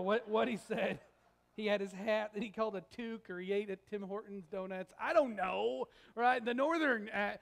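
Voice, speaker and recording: A male pastor giving a sermon in a conversational, animated storytelling way with jokes. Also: high voice, creaky. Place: church sanctuary.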